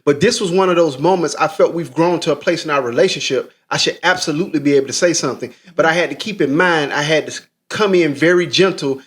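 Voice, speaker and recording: Earnest high-voiced man. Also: fast talker, hardly any pauses, a bit bright. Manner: earnest, emphatic, repeats for stress. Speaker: podcast co-host. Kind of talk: supportive personal chat.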